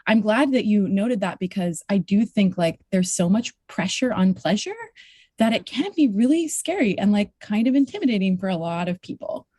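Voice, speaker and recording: A woman's voice: medium pitch, expressive, normal speed, warm tone, no room sound. A woman coach speaking as a podcast guest in casual chat, reflective and sometimes searching for her words, with occasional swearing. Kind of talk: casual conversational interview.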